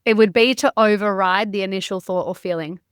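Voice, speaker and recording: A woman's voice: mid-range voice, steady tone, brisk, clear, resonant tone, no room sound. A woman, a podcast guest talking openly and emotionally, close to tears, with some frank swearing. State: near tears. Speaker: podcast guest, mindset educator. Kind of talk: candid interview conversation.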